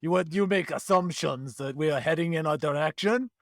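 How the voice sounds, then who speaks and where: A man's voice: fairly high pitch, brisk, gravelly, dry recording, clean studio sound. A man voicing a male druid adventurer who talks in a folksy country drawl, in a tabletop role-play. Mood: haughty. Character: cagey male druid adventurer, prickly then friendly.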